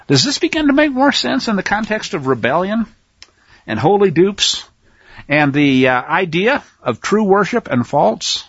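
A man teaches a sermon, drawing out each verse with strong stress and slipping into relaxed asides between lines. His voice sits a bit high and moves a lot in pitch. The recording is dull and lo-fi. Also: husky, dry recording. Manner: reads verses slowly with heavy emphasis, asides in between. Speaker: Bible teacher. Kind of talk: teaching sermon reading scripture aloud.

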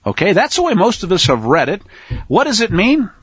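A man giving a teaching sermon, reading scripture aloud slowly with heavy emphasis and breaking in with casual asides. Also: high-pitched, huge pitch swings, a bit bright, breathy edge, dry recording, highs cut off. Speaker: Bible teacher.

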